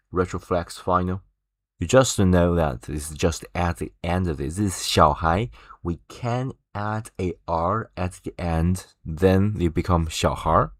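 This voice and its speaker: This low-pitched man teaches Chinese online, moving through the material slowly and step by step. Fillers and frequent "right?" pepper his speech. The audio sounds dry and close-miked.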